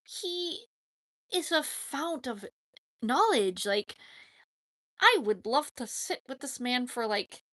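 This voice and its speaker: A woman's voice: high voice, very animated, takes it slowly, long pauses, pushed and bright. A woman chatting casually on a live stream, rambling and emphatic, often adding "like, seriously.". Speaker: YouTube streamer answering chat.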